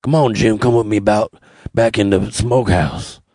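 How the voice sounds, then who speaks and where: A man voicing a sleazy, low-crooning guy who invites his buddy into the smokehouse, speaking in a deep, gravelly put-on voice. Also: moderate pace, darkish tone, no room sound. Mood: sultry.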